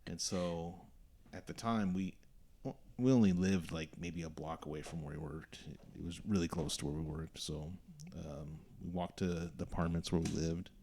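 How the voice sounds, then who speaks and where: A man's voice: low voice, steady tone, normal speed, warm tone, slight background noise. A young man hosting a podcast, telling a story casually and acting out the voices of the people in it. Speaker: podcast host.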